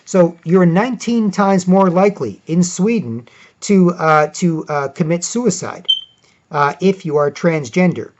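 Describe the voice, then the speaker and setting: A man's voice: high-pitched, lively intonation, a little slow, a little mellow. A man vlogging opinionated commentary, reading out articles with sarcastic asides, rambling, and restarting often. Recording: dull lo-fi audio.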